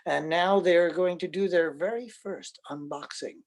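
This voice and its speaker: Excitable New man hosting. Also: sits high, a little slow, a little hiss or hum, rough recording. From New York City. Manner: excitable, joking, chatty storyteller. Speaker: antiques museum host. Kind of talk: casual chat during an unboxing.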